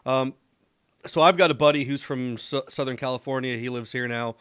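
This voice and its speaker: A man's voice: medium pitch, steady tone, fairly quick, a bit bright, clean tone. A man with a mid-range voice hosts an interview, chatting casually and rambling through a story with plenty of fillers. The sound is dry and close, with no room echo. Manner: conversational and rambling, many fillers. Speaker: show host, interviewer. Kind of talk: casual interview, anecdote telling.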